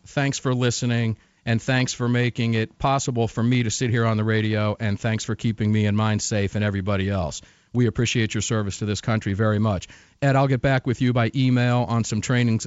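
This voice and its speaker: A man's voice: fairly low pitch, no echo, lo-fi sound. A man hosting a radio talk show, reading listener emails and talking with a guest in an emphatic, conversational way that repeats phrases for stress.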